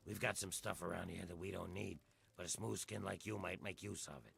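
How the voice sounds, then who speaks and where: A man voicing a world-weary ghoul townsman in a video game, with a rough, drawling folksy voice. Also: deep voice, steady tone, fairly quick, a bit bright, full character voice. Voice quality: gravelly, rough voice.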